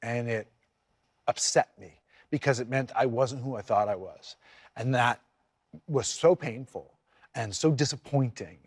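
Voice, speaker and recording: A man speaking candidly as an interview guest, halting and reflective, often restarting his sentences. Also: mid-range voice, husky, dry recording, clean studio sound.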